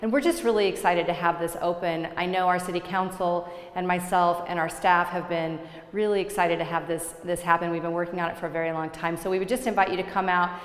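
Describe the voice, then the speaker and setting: A woman's voice: fairly low pitch, fairly even intonation, fast. A woman, a mayor hosting a city TV show, talking to viewers in a casual, upbeat way with everyday fillers. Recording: echoey room with long reverb.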